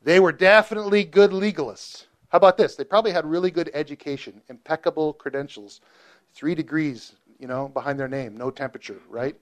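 A man teaching a Bible study group in a casual, animated way, joking and asking questions. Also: fairly high pitch, brisk.

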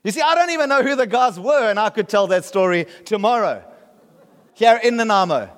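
A man's voice: high voice, animated, a little fast, big-room sound. A man from South Africa with a South African accent, preaching a sermon in a conversational way and often checking that the listeners follow. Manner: conversational, often asks the room if they get the point. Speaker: pastor.

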